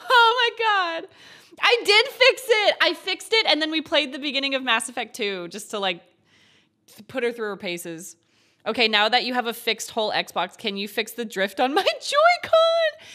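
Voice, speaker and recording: A woman's voice: fairly high pitch, bright, forceful tone. A young woman streamer chatting casually with her viewers, gushing and giggly, with lots of filler words.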